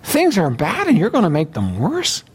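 An anguished male prophet cries out in a high, strained voice, as a preacher acts him out. He pleads urgently in a retold sermon scene. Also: huge pitch swings, normal speed, slightly rough, exaggerated voice. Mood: pleading.

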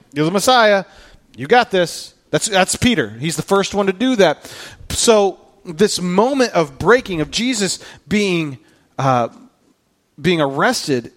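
A man's voice: high voice, big pitch swings, normal speed. A man preaching a sermon in an earnest, conversational way, often repeating his words as he goes. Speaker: pastor.

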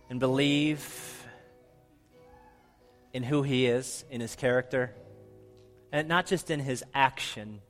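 A middle-aged man preaching a sermon as pastor, earnest, often dropping to a soft, hushed delivery for emphasis. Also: mid-range voice.

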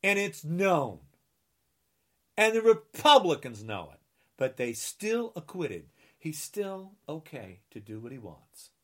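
Slow, sarcastic ranting man from New Jersey. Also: on the high side, big pitch swings, fairly bright tone. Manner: sarcastic, indignant, repeats mocking refrains; insulting, scolding the listener. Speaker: political commentator. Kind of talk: angry political rant to camera.

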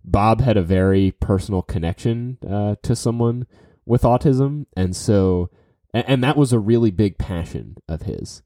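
A man's voice: on the low side, unhurried, dark tone, dry recording, clean studio sound. A man telling a casual story full of fillers and restarts, giving tips to business listeners. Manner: rambling, with many fillers and restarts.

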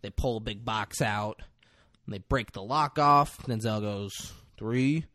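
A man's voice: lowish voice, unhurried, dry recording, clean studio sound. A man in casual chat, animatedly retelling a film's scenes and swearing freely. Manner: animated, jumps into character voices, swears freely. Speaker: podcast co-host recapping a film.

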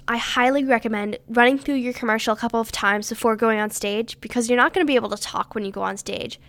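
Teen girl, kinda high voice, peppy pageant tips, bossy on the don'ts. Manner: upbeat, instructive, emphatic on dos and don'ts. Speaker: pageant contestant giving tips. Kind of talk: scripted advice talk.

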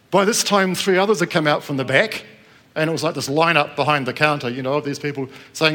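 A middle-aged man from New Zealand gives a sermon to a gathered congregation. His voice sits a little on the high side, and he tells a personal story in a relaxed, conversational way. He keeps asking the room questions as he goes. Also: fairly quick. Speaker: preacher. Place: church with live congregation.

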